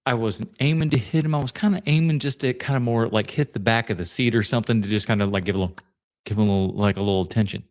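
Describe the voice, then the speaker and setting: A man's voice: lowish voice, quick pace. A man hosting a podcast, chatting casually and telling long rambling stories with fillers and laughs along the way. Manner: rambling storyteller, laughs mid-story, many fillers. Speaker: podcast host.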